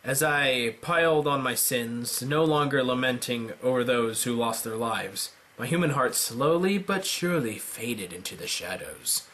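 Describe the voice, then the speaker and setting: A man reading a visual novel aloud dramatically, with deadpan joking asides. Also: medium pitch, unhurried, few pauses. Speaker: let's player.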